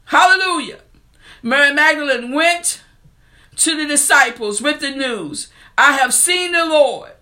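High, bright-voiced earnest woman preacher. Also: unhurried. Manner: earnest, heartfelt delivery. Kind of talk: sermon with scripture reading.

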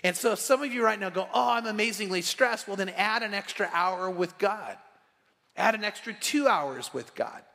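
High, bright-voiced pastor preaching. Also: male voice, lively intonation, normal speed, vocal fry. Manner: storytelling, conversational and earnest. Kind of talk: sermon. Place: church sanctuary. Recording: long reverb of a church hall.

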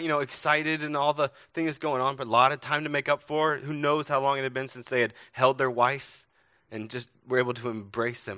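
A man's voice: medium pitch, no echo, studio quality. A man preaching a sermon to his church, telling stories and asking earnest rhetorical questions. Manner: earnest storytelling, rhetorical questions, varied loudness. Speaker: pastor.

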